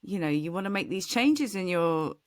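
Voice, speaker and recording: A woman's voice: fairly low pitch, lively intonation, moderate pace, no echo, studio quality. A woman co-hosting a podcast, chatting casually and encouraging her guest. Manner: supportive interviewer, encouraging. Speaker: podcast co-host. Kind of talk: casual chat.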